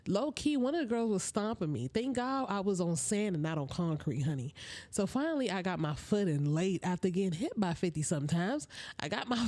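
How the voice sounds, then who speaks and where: A woman hosting a casual live storytime from home, animated and slangy, calling her viewers y'all and honey. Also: fairly low pitch, dry recording. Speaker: storytime livestream host. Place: at home with her small child.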